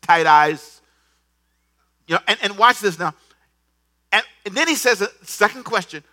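A man preaching a sermon, swinging from soft asides to loud bursts and acting out the scripture dialogue. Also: high-pitched, expressive, a little slow, long pauses. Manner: repeats words, acts out scripture dialogue. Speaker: pastor.

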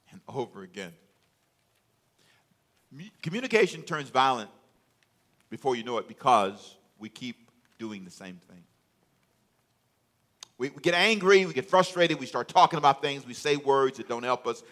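A man pastor preaching a sermon with emphatic delivery and rhetorical questions, often building to loud peaks. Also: mid-range voice.

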